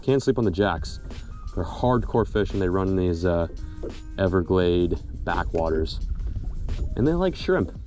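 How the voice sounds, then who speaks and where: A young man vlogging from a fishing boat outdoors, excited and slangy, laughing often as he talks. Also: sits low, measured pace, pauses often, faint music behind. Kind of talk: excited outdoor vlog chat. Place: boat on open water outdoors.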